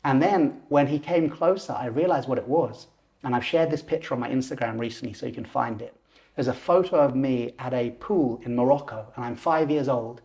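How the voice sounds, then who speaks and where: A man in his forties, a lucid dreaming teacher and podcast guest, telling a personal story in an animated way. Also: medium pitch, fairly quick, creaky. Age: 40s. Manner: animated, acts out voices and gestures while telling.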